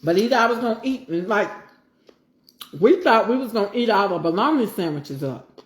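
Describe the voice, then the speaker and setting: A woman's voice: mid-range voice, expressive, normal speed, roomy sound. A middle-aged woman, chatting casually while she eats, with folksy, preachy asides. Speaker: home cooking vlogger. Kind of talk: casual chat while eating.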